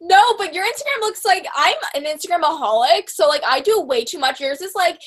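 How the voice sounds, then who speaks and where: A woman's voice: very high-pitched, sing-song, fairly quick, hardly any pauses. A young woman chatting casually as a book channel host, bubbly and rambling, with lots of fillers. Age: young adult. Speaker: booktuber host. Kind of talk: casual chat.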